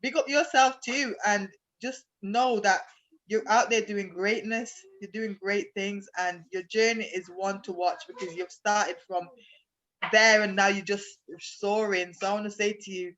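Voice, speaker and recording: A woman's voice: medium pitch, fairly even intonation, unhurried, fairly bright tone. A woman guest on a video call, speaking with effusive, heartfelt praise in a casual chat.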